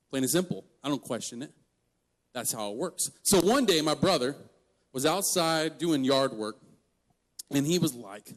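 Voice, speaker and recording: Joking young man preaching to youth. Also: fairly high pitch. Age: 20s. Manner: animated and joking, laughs mid-story. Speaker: guest youth speaker. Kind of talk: storytelling youth sermon.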